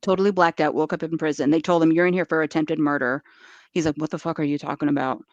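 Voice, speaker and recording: A woman's voice: sits low, fairly even intonation, fast talker, no room sound, dull audio. A woman co-hosting a podcast, telling stories in a wry, blunt casual way. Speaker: podcast co-host. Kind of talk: casual chat.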